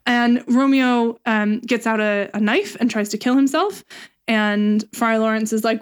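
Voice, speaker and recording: A woman's voice: a little high, measured pace, clean tone. A woman casually retelling a play's plot in a chat, with laughs and irreverent asides. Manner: chatty, laughing, paraphrases lines irreverently. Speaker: podcast co-host retelling a play.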